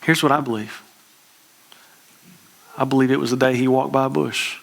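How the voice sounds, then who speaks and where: A man, preaching a conversational, emphatic sermon as a pastor with quick restarts. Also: mid-range voice, fairly even intonation, gravelly.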